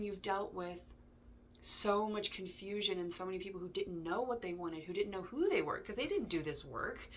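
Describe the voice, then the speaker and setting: A woman's voice: mid-range voice, fairly bright tone, slight background noise. A woman giving a casual tarot reading, chatty and digressive, with frequent ums and asides. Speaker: tarot reader.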